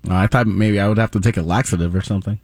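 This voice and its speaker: A man from Florida co-hosting a morning radio show, joking and tossing in quick quips. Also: on the low side, fairly even intonation, a little mellow, no echo, clean studio sound. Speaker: radio co-host. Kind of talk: casual morning radio chat. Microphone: studio microphone.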